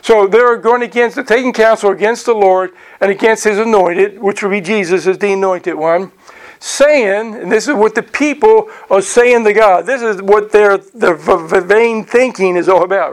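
A middle-aged man teaching a sermon as pastor, talking conversationally with frequent "right?" asides and reading scripture aloud slowly. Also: sits high, steady tone.

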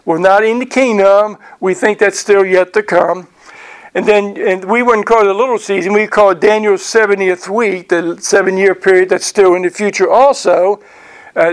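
A middle-aged man teaching a sermon as pastor, talking conversationally with frequent "right?" asides and reading scripture aloud slowly. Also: sits high, smooth.

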